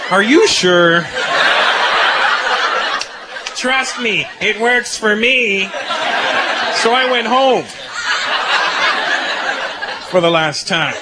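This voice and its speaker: A male stand-up comedian tells an animated story on stage and slips into character voices. His voice sits high, and loud audience laughter pours over the recording. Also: takes it slowly, pauses often, very noisy.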